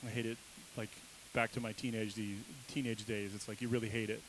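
A man's voice: fairly low pitch, flat delivery, brisk, rough recording. Laid-back joking pastor guy giving a sermon, chatty with the crowd, faint hiss under it. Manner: casual, joking and conversational.

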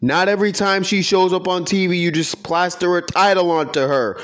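A man's voice: high voice, a little fast, few pauses. Profane, heated young man ranting. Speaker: wrestling commentator. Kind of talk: opinionated casual rant.

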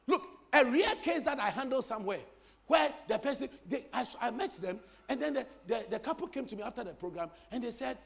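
A man's voice: extremely high pitch, a little fast, vocal fry. A male pastor preaching a sermon, repeating phrases and teasing the congregation with humor. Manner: animated preaching with repetition and crowd-teasing humor.

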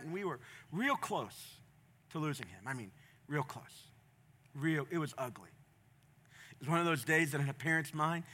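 A middle-aged male pastor with a fairly high voice preaches passionately from a church stage. His sermon moves from quiet storytelling to loud, emphatic appeals.

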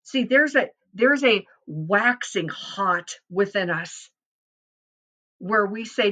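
A woman's voice: mid-range voice, expressive, slow pace, pushed and bright. A middle-aged woman giving an earnest devotional Bible teaching, rising with feeling as she voices prayers. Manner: earnest, fervent, rising and swelling on quoted prayers.

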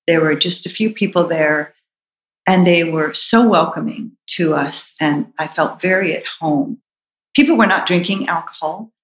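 A woman's voice: low-pitched, echoey room, low-quality recording. A middle-aged woman telling a personal story in a reflective, earnest way, with hesitant restarts.

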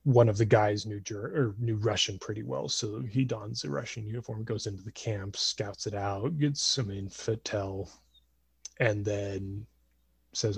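A man in his twenties telling a family story casually on a podcast, animated and acting out voices. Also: on the low side, a little slow, gravelly, slightly rough, no room sound. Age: 20s.

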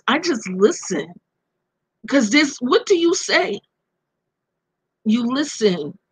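Slow-talking woman with a Brooklyn accent. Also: medium pitch, dry recording. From Brooklyn, USA. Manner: slow, heartfelt, reflective talk. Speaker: guest. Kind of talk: casual chat.

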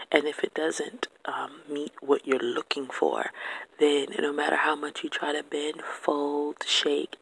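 A soft, largely whispered voice with a heavy gravelly fry and a husky grain. The speaker talks earnestly and directly to viewers, offering faith-based encouragement and checking in with a gentle "okay?". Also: mid-range voice, rough recording. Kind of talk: encouraging personal talk to viewers.

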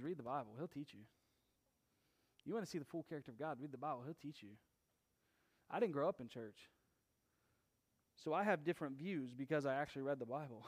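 A man preaching a sermon as pastor, talking casually and joking at times, then building to emphatic shouts. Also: medium pitch.

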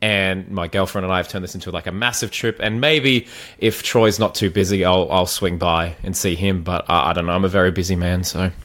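Laid-back Australian man, lowish voice. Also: steady tone, brisk, a bit bright. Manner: laid-back, trails off with fillers and repeats. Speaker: podcast co-host. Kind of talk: casual chat.

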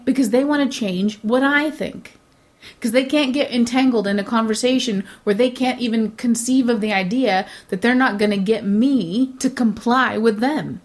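Opinionated woman, bright voice. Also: a little high. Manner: opinionated, mimics others in quoted voices. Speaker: co-host. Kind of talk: casual chat.

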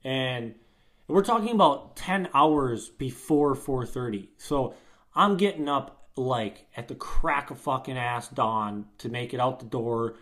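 A young man telling a story at his own pace, swearing freely and restarting his sentences as he goes. His voice sits at an average pitch for a man. It is a loose, casual chat between friends. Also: measured pace, a bit bright. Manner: profane, rambling storyteller with frequent restarts. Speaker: podcast co-host.

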